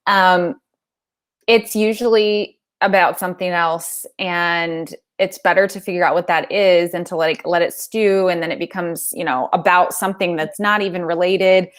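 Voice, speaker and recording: A woman's voice: fairly low pitch, steady tone, normal speed, clean tone. A woman podcast host chatting reflectively with her guest and asking questions. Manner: chatty, reflective, many fillers like "like" and "um". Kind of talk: casual interview talk.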